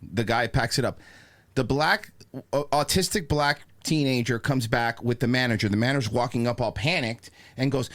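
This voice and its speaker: A man hosting a podcast, telling a comedic rant full of swearing and quick impressions of the people in his story. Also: medium pitch. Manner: animated, profane, mimics people in his stories. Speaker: podcast host.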